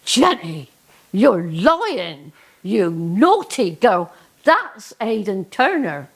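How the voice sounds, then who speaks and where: A woman with a Cornish accent voicing a deep-voiced male Lord who speaks from the sky, slow and solemn. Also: sing-song, breathy edge, exaggerated voice. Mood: scolding.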